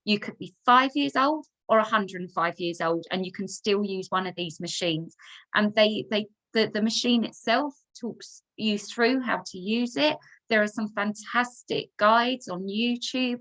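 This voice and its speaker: A woman's voice: mid-range voice, fairly bright tone, rough recording. A woman, a foundation founder, talking earnestly in conversation, emphatic and using fillers like "you know".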